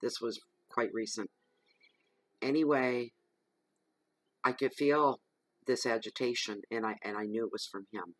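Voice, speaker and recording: A man gives a tarot reading to camera at home in the evening. He talks in a chatty, rambling way and slips into soft, murmured invocations. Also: medium pitch, steady tone, a little slow, pauses often, no echo, low-quality recording. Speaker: tarot reader. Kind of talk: casual chat to camera during a tarot reading. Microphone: camera microphone.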